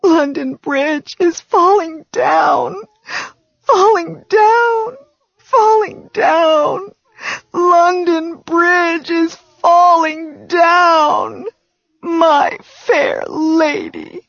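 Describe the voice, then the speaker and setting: A woman reciting a nursery rhyme for a language lesson in an expressive, sing-song way. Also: extremely high pitch, very slow, vocal fry, no room sound. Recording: slightly dull dry studio sound.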